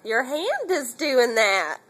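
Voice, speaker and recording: A woman's voice: high-pitched, big pitch swings, takes it slowly, a bit bright. A woman cooing and encouraging a baby in a home video. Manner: cooing, encouraging, sing-song. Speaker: parent filming a baby.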